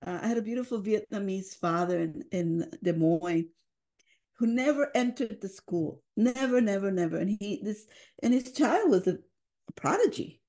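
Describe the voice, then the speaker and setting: A woman's voice: medium pitch, animated, normal speed, warm tone. A woman leading a family program, telling earnest, emotional stories in a podcast interview and slipping into Spanish phrases. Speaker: family engagement program leader, guest. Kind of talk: heartfelt storytelling in a podcast interview.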